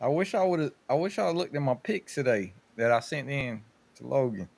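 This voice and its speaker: A man's voice: mid-range voice, moderate pace, gravelly, a little mellow. A man on a sports podcast, hesitantly musing about his game predictions. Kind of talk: casual sports chat.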